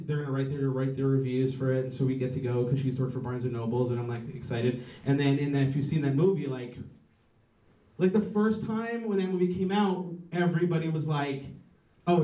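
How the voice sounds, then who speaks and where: With a fairly high pitch and a dark tone, the man in his thirties keeps going with his stand-up routine. He swears, rambles, mocks himself, and frequently breaks off to restart, all captured by a far-off mic in a roomy venue.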